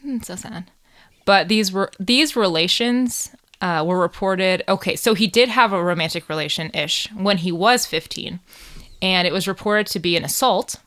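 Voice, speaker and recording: A woman's voice: mid-range voice, normal speed, a bit bright. An American woman co-hosting a true crime podcast, telling the case in casual chat with jokes and swearing. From United States. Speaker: podcast co-host.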